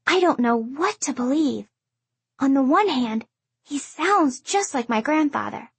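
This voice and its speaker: A woman narrating a first-person audiobook in an even storytelling delivery. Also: a little high, slightly rough, dry recording.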